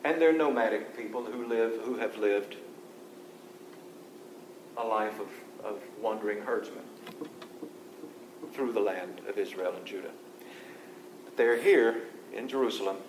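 A man's voice: a little slow, long pauses. Man teaching scripture in an echoey room. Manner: conversational, reads scripture aloud and explains it. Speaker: Bible teacher. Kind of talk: Bible study teaching to a group. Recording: echoey room with faint low rumble.

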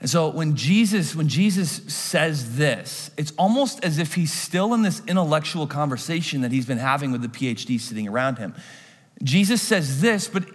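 Male pastor, animated sermon storyteller, slightly high voice, hall reverb. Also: moderate pace. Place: church.

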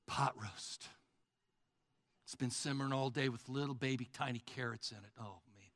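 A man preaching a sermon, telling a story in a folksy, animated way and calling his listeners folks. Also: mid-range voice, moderate pace, dry recording, studio quality.

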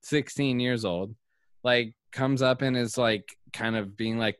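Dude rambling thru a story, swears a lot, lots of likes, dry close mic. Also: male voice, on the low side, moderate pace, no echo. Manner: rambling, profane storytelling with many fillers. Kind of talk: casual chat.

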